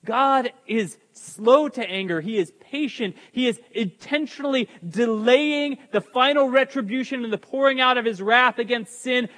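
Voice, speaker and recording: A man preaches with a high, emphatic voice, turning to the congregation now and then with a joking aside. His words ring out with a long reverb, as if he is in a big church hall. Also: fairly bright tone. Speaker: pastor. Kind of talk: sermon.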